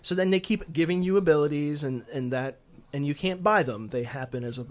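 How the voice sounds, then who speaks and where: Podcast co-host guy, kinda high voice, rambly and animated, curses a lot. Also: fairly quick. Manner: rambling, animated, swears freely, restarts often. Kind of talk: casual chat.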